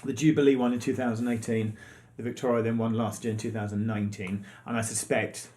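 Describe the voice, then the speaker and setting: A man's voice: lowish voice, flat delivery, fast, mellow, a little hiss or hum. A man co-hosting a casual quiz night stream, chatty and self-mocking, rambling through facts. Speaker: quiz co-host. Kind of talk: casual live-stream chat.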